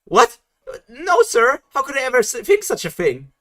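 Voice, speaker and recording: A man voicing a nervous young male intern from a comic he reads aloud, stammering and squeaking out a denial. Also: wildly swooping pitch, takes it slowly, fairly bright tone, heavily acted. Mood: flustered.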